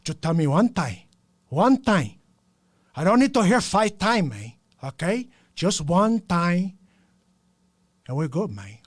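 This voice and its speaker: A brash, menacing male gangster, as a man puts him on spits out threats in loud, broken English and stretches his words. The voice sits a little higher than usual and leans into every line. It sounds dry and close. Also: dry recording, full character voice. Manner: swaggering, drawn-out threats.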